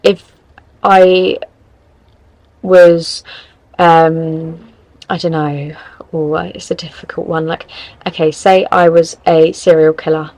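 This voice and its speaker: A woman's voice: low-pitched, little pitch movement, slow, pauses often, darkish tone, dry recording, rough recording. A young woman hosting a podcast, chatting casually as she gives relationship advice, rambling and correcting herself as she goes. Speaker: podcast host.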